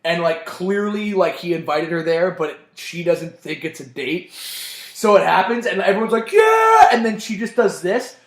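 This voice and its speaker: Excitable high-voiced man in a roomy room. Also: moderate pace. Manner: excitable, swears a lot, acts out quotes. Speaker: podcast co-host. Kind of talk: casual podcast chat.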